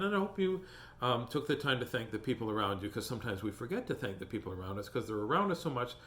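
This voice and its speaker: A male host reads children's books out loud in a room with noticeable echo, breaking in with playful jokes and casual chat. His voice sits in the mid-range with a fairly bright tone.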